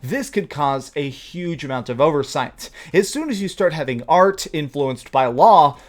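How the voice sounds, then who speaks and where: A man rants about gaming to his channel's viewers, emphatic and excitable. His voice sits fairly high for a man, and he pushes his points hard. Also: unhurried. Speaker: gaming YouTuber. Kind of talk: gaming rant.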